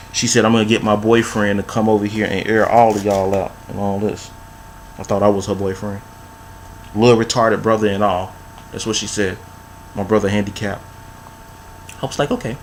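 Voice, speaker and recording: A man's voice: fairly low pitch, vocal fry, slight background noise. A man in his thirties telling a long personal story to camera in a laid-back, repetitive way with street slang. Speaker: vlogger. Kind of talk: casual storytelling monologue.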